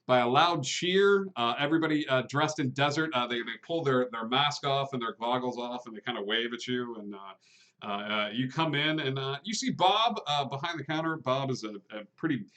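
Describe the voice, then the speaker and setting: A man's voice: mid-range voice, brisk, bright, forceful tone. Game master guy narrating, lots of uhs, normal middle voice. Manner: hesitant, with many filler sounds.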